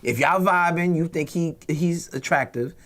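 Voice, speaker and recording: A man's voice: on the high side, normal speed, fairly bright tone. A middle-aged man hosting a radio talk show, telling crude stories in casual comedic banter.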